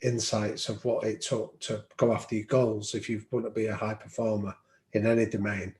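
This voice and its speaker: A man's voice: on the low side, level tone, normal speed, darkish tone. A man telling stories as a podcast guest, reflective and anecdotal, with frequent ums. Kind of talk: storytelling in an interview. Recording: roomy echo.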